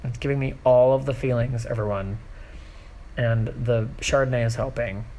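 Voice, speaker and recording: A man chatting casually in a book vlog on his back porch, gushing about what he reads and dropping into soft asides. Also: medium pitch, fairly even intonation, moderate pace. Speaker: book vlogger. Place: back porch outdoors at home.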